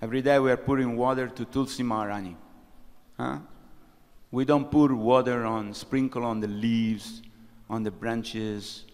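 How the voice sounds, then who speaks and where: Male temple speaker, storytelling, acts out quotes, mid-pitched, reverberant hall. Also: fairly even intonation, normal speed, darkish tone. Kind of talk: scripture class with storytelling. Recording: long reverb of a large hall.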